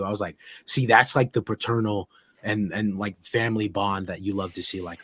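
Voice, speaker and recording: A man's voice: fairly low pitch, fairly even intonation, a little fast, a bit bright, husky. A young man hosting a podcast, chatting casually and enthusiastically with many restarts. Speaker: podcast host. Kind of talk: casual chat.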